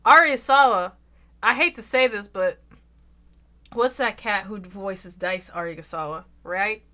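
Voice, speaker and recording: A young woman with an American Southern accent, chatting loudly and casually with her stream audience, rambling and swearing freely. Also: unhurried. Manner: loud, rambling, swears freely, bursts into shrill laughs. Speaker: VTuber streamer.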